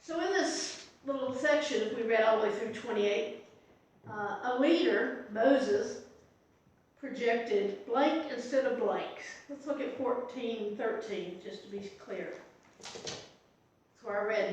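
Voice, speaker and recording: A woman's voice: on the high side, slow. A middle-aged woman pastor leading an informal Bible study, talking conversationally with asides, recorded from a distance in a church meeting room. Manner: conversational, chatty with asides and restarts. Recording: echoey room from far off.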